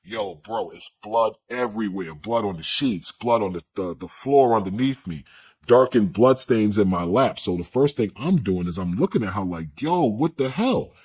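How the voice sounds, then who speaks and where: A man's voice: fairly low pitch, expressive, normal speed, darkish tone, breathy edge, poor audio. A man candidly recounting a personal story in an interview, blunt and conversational, with slang and restarts.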